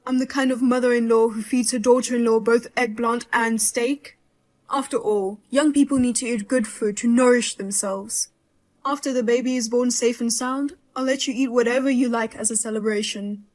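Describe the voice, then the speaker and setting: A woman plays a blunt mother-in-law with a fairly high voice, sharp-tongued and quick to outrage. Her dark jokes come out in a cutting, vivid way in this dramatized story. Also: steady tone, natural voice.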